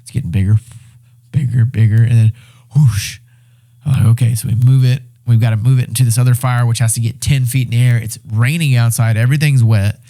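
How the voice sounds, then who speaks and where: A podcast guest who won a reality show recounts a survival story in a mellow, medium-pitched voice at a brisk pace. His casual storytelling is animated and excited, full of swearing and restarts.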